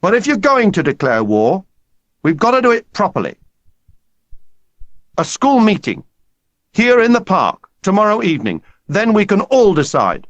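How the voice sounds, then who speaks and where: Brief: boisterous schoolboy leader, man reading, high and pushy, animated delivery. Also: moderate pace, long pauses, dry recording, lo-fi sound. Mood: rallying. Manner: loud, urgent, pleading.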